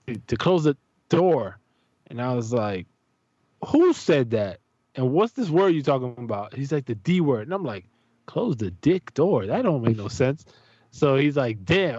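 A man's voice: medium pitch, no echo. A man tells a story in casual chat, swearing freely and jumping into the voices of the people he describes. His voice sits in a middle register. The recording is dry and slightly muffled. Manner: animated, profane, acts out voices in his stories.

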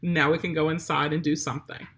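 A woman's voice: low-pitched, level tone, fast talker, fairly bright tone. A woman dog trainer giving direct, chatty instructions on potty training a dog, talking straight to the viewer. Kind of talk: instructional talk.

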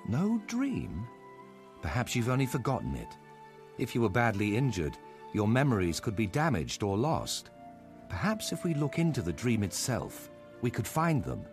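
An actor with an English accent playing a calm, wise male sylvari leader who speaks in a gentle, reassuring way in a video game scene. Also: mid-range voice, normal speed, faint music behind.

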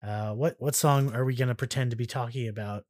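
A man's voice: medium pitch, fairly even intonation, brisk, darkish tone. A man co-hosting a casual podcast, rambling and trailing off. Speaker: podcast co-host. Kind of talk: casual chat.

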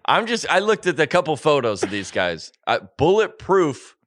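A man's voice: fairly high pitch, big pitch swings, normal speed, fairly bright tone, dry recording, studio quality. A man co-hosting a podcast in casual chat, rambling and joking while he corrects himself. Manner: rambling, jokey, self-correcting. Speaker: podcast co-host.

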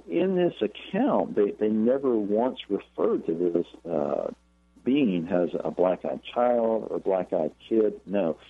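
Deep-voiced man on a tinny phone line. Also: breathy edge, no echo. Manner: halting, with frequent fillers and repeated words. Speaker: guest, paranormal researcher and author. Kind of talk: storytelling interview.

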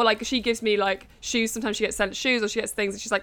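A woman's voice: mid-range voice, steady tone, racing, a bit bright. A woman chatting as a podcast guest, telling stories animatedly with self-mocking humor and acted-out quotes. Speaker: guest comedian. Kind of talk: casual podcast chat.

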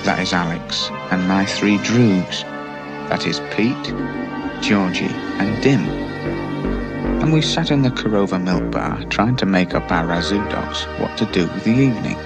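A sly young gang leader narrating. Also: male voice, sits low, expressive, measured pace, loud music behind the voice. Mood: sly relish. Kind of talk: film voiceover narration. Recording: played with loud film score.

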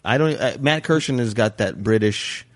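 Lower-voiced man explaining at length. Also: expressive, moderate pace. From Las Vegas, USA. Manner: chatty, explains at length, self-correcting. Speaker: comedian guest. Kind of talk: casual chat.

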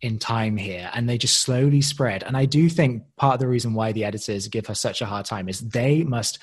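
A man co-hosting a podcast, casually recapping a show as an animated storyteller who acts scenes out. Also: mid-range voice, moderate pace, breathy edge. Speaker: podcast co-host.

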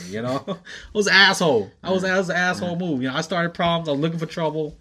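A man's voice: fairly high pitch, fast. A man in his twenties telling a wild story in casual chat, laughing often and swearing freely. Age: 20s. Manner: laughs often, animated when quoting, profane.

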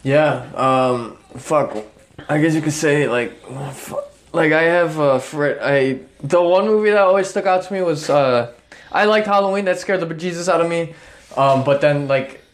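A man chatting casually on a podcast, swearing freely and telling stories with lively energy. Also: fairly high pitch, moderate pace, slight background noise. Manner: loose, swearing, animated storytelling. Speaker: podcast co-host. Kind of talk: casual chat.

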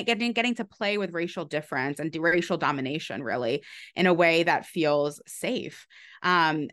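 A woman with a fairly low voice answers an interview question at length, as a historian. She keeps an easy, conversational tone and slips in light laughs as she builds her explanation. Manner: relaxed, laughs lightly between points. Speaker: author and historian.

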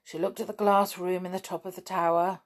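A woman reading a children's storybook aloud in calm, even narration. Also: fairly low pitch, fairly quick. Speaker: audiobook reader.

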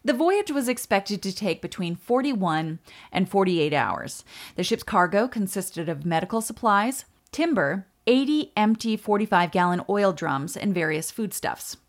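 A woman co-hosting a podcast, telling a history story in a relaxed way with quick asides. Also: medium pitch. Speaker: podcast co-host. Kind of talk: storytelling chat.

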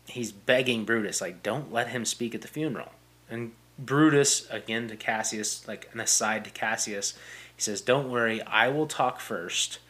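A young man at an ordinary mid pitch talks through a classic play for his podcast. He paraphrases the quotes in loose everyday phrasing, stumbling into restarts and fillers as he explains. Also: a bit bright. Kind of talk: casual explanatory retelling.

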